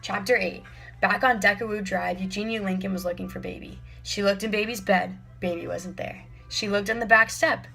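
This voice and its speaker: A woman reads a children's chapter book aloud, clear and measured. Her voice has a gravelly, fry-tinged texture, and soft music sits behind her. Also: medium pitch, steady tone, rough recording. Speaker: audiobook narrator. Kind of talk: scripted narration.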